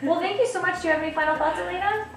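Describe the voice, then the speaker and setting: A woman's voice: very high-pitched, rapid-fire, creaky, over a noisy crowd. A woman hosting an interview, reading out viewer questions in an upbeat, friendly way. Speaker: interview host. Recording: echoey room from a distance with faint noise.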